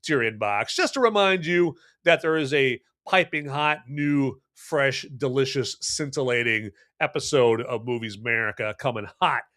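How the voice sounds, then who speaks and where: A man's voice: medium pitch, normal speed, hardly any pauses. A man hosting a casual live-streamed movie review podcast, speaking playfully and straight to his viewers with many fillers and restarts. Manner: lots of fillers and restarts, swings between loud and hushed.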